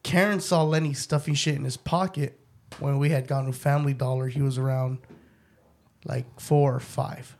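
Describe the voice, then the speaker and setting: A man's voice: medium pitch, fairly even intonation, normal speed, a little mellow. A man in his thirties telling stories in casual chat, blunt and profane, often restarting his sentences.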